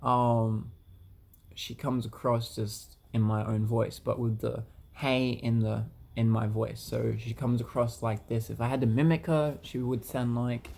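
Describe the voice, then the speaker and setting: Gravelly, flat-voiced man vlogging hesitantly. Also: medium pitch, a little slow. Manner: hesitant, many ums and repeated words. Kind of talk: casual vlog monologue.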